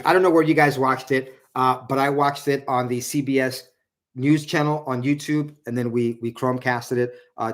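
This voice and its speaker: Rambling male political commentator. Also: mid-range voice. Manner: rambling, repeats words, quotes others in a raised voice. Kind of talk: casual solo commentary.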